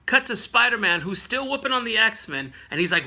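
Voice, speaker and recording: A man casually recapping a comic book issue, animated and jokey, laughing often and dropping into playful voices for the characters. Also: high voice, brisk.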